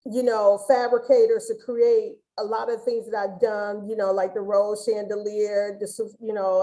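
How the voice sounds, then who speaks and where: A woman's voice: mid-range voice, mellow, rough recording. A woman hosting a casual webinar interview over a video call, chatty and rambling, with many restarts. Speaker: host.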